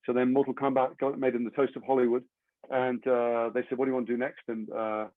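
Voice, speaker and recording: A man from England, an actor guest telling stories in a casual, lively way and slipping into the voices of the people in them. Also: mid-range voice, fast talker, dry recording. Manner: lively raconteur who acts out the other people in his stories. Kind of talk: casual anecdote storytelling. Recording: dry, phone-like narrow audio.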